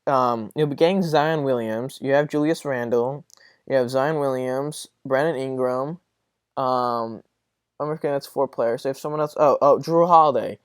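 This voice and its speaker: A man's voice: mid-range voice, moderate pace, smooth, no echo, clean studio sound. A young man hosting a casual solo sports podcast, rambling and swearing as he rants. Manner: rambling, profane, exasperated. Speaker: podcast host.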